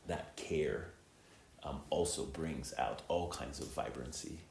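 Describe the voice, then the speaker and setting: A middle-aged man with a very deep voice gives a reflective, unhurried dharma talk. He speaks as a Zen teacher, with frequent ums and uhs. The sound is echoey, from a temple hall with faint ambience behind him. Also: creaky, darkish tone, a little hiss or hum. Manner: reflective, unhurried, many filler words.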